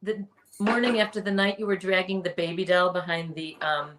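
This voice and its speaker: A woman's voice: lowish voice, steady tone, brisk, crowd noise. A woman, the host's mother, chatting casually, reminiscing and laughing a lot. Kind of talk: casual chat.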